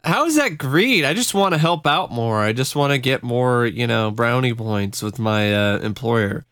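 A man's voice: medium pitch, lively intonation, normal speed, a bit bright, no room sound, studio quality. A young man co-hosting a podcast in casual chat, laid-back and hesitant with many fillers. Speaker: podcast co-host.

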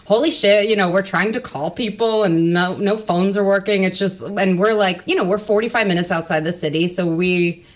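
A woman in her thirties telling a personal story on a podcast, animated and laughing, swearing freely and acting out what people said. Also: medium pitch. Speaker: storyteller guest.

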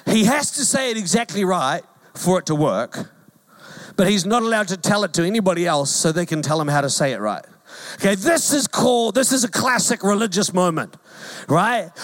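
High-voiced New man preaching. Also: animated, fairly quick. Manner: conversational and joking, with emphatic repetition. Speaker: pastor. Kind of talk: sermon.

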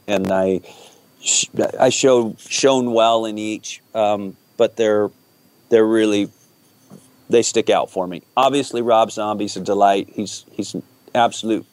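A man, an actor guest chatting in an interview, talking haltingly with lots of fillers and restarts. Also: lowish voice, darkish tone, dry recording. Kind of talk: casual interview chat.

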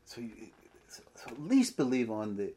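A man's voice: mid-range voice, sing-song, moderate pace, dark tone, husky. A man voicing an exasperated male teacher who presses his doubting followers with emphatic, ad-libbed questions. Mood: pleading.

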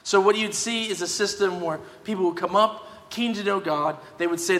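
A man preaching a sermon as pastor, talking conversationally and emphatically, often checking in with a quick "yeah?". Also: high voice, a bit bright. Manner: conversational, emphatic, tag questions. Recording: long hall reverb.

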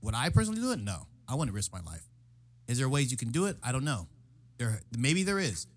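Speaking fairly quickly with big pitch swings in a mid-range voice, a man swears his way through a story in casual conversation. He acts out the quotes loudly as he goes.

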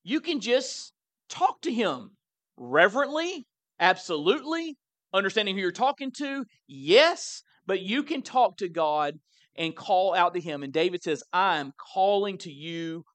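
A man's voice: high-pitched, very animated, a little slow, a bit bright, no echo. Conversational preaching man, dry sound. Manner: conversational, repeats words when emphasizing. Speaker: pastor. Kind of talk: sermon.

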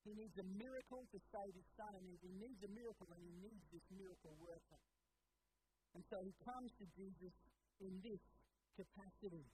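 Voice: mid-range voice, fairly quick, background noise. A pastor giving an earnest sermon, speaking straight to the congregation with rhetorical questions. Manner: earnest, addresses listeners directly with rhetorical questions.

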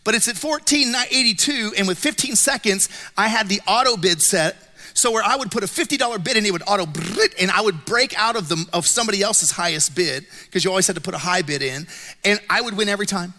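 A middle-aged male pastor giving a sermon, telling stories with lively self-mocking humor. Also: high-pitched, fast talker. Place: church auditorium. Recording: long reverb of a church hall.

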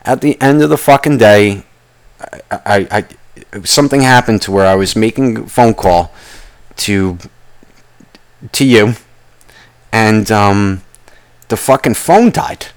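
A man's voice: fairly low pitch, expressive, takes it slowly, long pauses. A young man hosting a podcast, telling a long story in a casual, rambling way and swearing constantly. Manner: rambling with restarts and asides. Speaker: podcast host.

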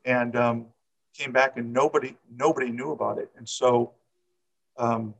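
A man's voice: mid-range voice, steady tone, normal speed, creaky, a bit bright, husky, poor audio. A middle-aged man who coaches, telling a personal story in an interview, rambling and repeating words with many fillers.

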